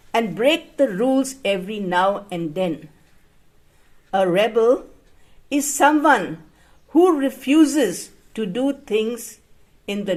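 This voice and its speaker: Woman teacher, unhurried classroom reading, clear and measured. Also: mid-range voice, a little mellow. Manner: clear, measured, explains word by word. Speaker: English teacher reading to students. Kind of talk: slow, careful classroom reading.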